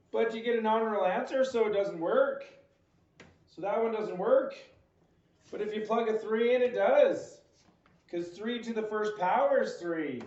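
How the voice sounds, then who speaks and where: High-voiced man teaching math in an echoey room. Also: a little mellow. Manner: playful, quizzing the listener with jokey asides. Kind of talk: homework walkthrough lesson. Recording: echoey, dull lo-fi recording.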